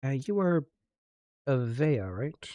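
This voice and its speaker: Relaxed streamer guy, friendly role-play chatter, mid-pitched voice, no room sound. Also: slow pace, dry recording, clean studio sound. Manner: easygoing, friendly, talks to his chat. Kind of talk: casual in-game role-play chat.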